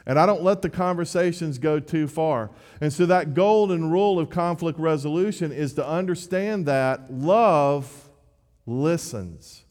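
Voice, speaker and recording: A man preaching with a slightly high voice, speaking casually and poking fun at himself as he goes, often stopping to restart a phrase. His words carry a long reverb from a large hall. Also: normal speed, few pauses, darkish tone. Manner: conversational, self-deprecating, with repeated restarts. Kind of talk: sermon.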